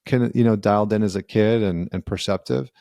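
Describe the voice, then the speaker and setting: Man, low voice, podcast host, earnest storytelling, dry close mic. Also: fairly quick, creaky, warm tone, no room sound. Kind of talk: casual conversational interview.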